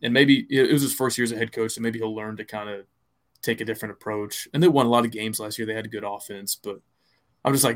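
A man's voice: on the low side, steady tone, quick pace. A man co-hosting a podcast, chatting casually about football in a rambling way, full of restarts and fillers. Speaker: podcast co-host. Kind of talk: casual sports chat.

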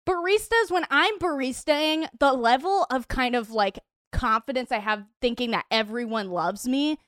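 Chatty woman, rather high voice. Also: moderate pace, no room sound, studio quality. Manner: animated storytelling full of "like". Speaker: podcast guest. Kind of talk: casual chat.

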